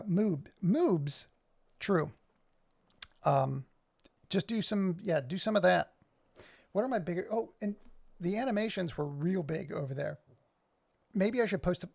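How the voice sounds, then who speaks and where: A man chatting loosely to his live stream audience, his voice gravelly with a touch of fry. He sits a little high in pitch for a man and drifts from point to point with jokey asides to viewers. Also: darkish tone. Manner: rambling, talks to chat, jokey asides. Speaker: livestream host. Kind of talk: casual live stream chat.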